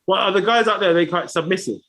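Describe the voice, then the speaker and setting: Quick, high-voiced podcast host. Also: male voice, fairly bright tone. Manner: teasing banter. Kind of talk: casual podcast chat.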